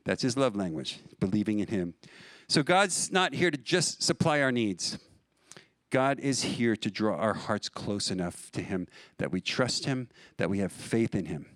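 Conversational pastor with a dry close sound. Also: male voice, fairly low pitch, animated, unhurried, a bit bright, no echo. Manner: conversational, storytelling with laughs. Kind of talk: sermon.

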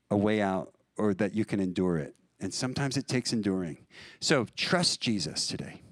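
A man's voice: medium pitch, no echo. A middle-aged pastor from New preaches in an easy conversational way. His voice sits in an ordinary middle register, and the sound is dry and close with little room around it. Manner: conversational, storytelling with laughs. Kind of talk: sermon.

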